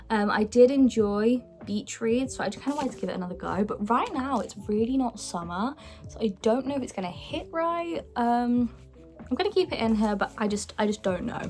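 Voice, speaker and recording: A young woman talks through her books in a casual, chatty way, full of excitement and dropping into the odd hushed aside. Her voice sits at an ordinary middle pitch. Soft music plays faintly behind her. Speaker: book vlogger. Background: faint background music.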